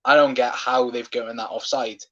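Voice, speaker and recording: A man's voice: medium pitch, steady tone, brisk, pushed and bright. A man hosting a live football watchalong, passionately ranting and swearing at referee decisions, on a dull lo-fi stream mic. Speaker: fan watchalong host.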